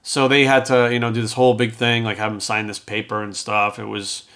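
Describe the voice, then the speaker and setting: Speaking fairly quickly in a lowish, bright voice with little pitch movement, a middle-aged man spins a personal anecdote as a podcast host. A fitness coach by trade, he rambles conversationally and performs the quoted dialogue of the people involved.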